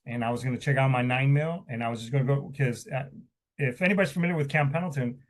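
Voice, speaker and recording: A middle-aged veteran recounts his own story in an interview, in a voice of ordinary pitch for a man. He speaks frankly and with raw feeling. His sentences often stall, restart and repeat. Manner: halting, with many restarts and repeated words; raw and emotional, speaking candidly. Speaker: military veteran guest.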